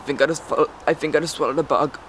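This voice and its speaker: A man's voice: on the high side, steady tone, quick pace, fairly bright tone, slight background noise. Sarcastic teenage boy vlogging. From England. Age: teens. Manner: sarcastic, rambling, easily distracted. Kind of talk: casual chat to camera. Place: outdoors.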